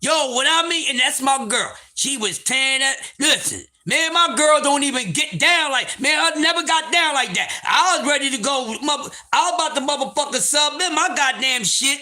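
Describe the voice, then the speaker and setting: A man hosting a livestream, telling a story in a loud, profane, laughing, casual way. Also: very high-pitched, lively intonation, normal speed, few pauses. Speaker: livestream host.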